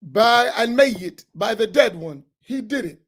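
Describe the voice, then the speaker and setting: A man's voice: sits high, expressive, unhurried. A man, an imam, teaching a religious class in a heated, sarcastic way full of rhetorical questions. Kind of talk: heated religious lesson, argumentative.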